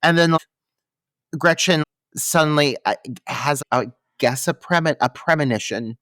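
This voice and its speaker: A man's voice: a little high, unhurried, fairly bright tone, dry recording. A man co-hosting a podcast in a casual movie-review chat, sarcastic and profane, with exaggerated retellings. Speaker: podcast co-host.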